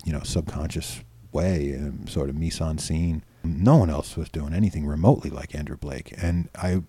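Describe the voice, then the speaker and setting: Speaking close to a podcast mic, a middle-aged filmmaker from New York tells rambling, casual stories as an interview guest, with lots of restarts, repeated words, and free swearing. His rumbling low voice is mellow and slightly rough at a normal speed, in a dry recording.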